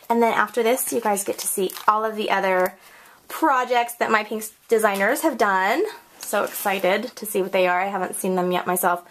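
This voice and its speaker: A woman's voice: normal speed, slight background noise. Bubbly chatty woman crafter. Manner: bubbly, chatty, squeals high when excited; self-correcting, apologetic asides. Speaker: crafting video host. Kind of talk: casual craft tutorial.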